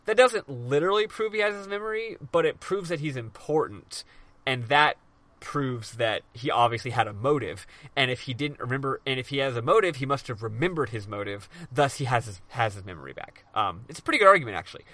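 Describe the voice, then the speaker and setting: A man's voice: medium pitch, pushed and bright. A man hosting a podcast, casually recapping a game in a rambling, profane way full of "um"s. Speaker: podcast host.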